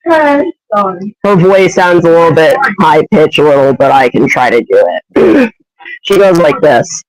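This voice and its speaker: A man's voice: fairly high pitch, expressive, measured pace, no echo, rough recording. Hesitant, rambling young man. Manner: hesitant, rambling, many fillers. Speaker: fan voice actor. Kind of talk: rambling fan story pitch.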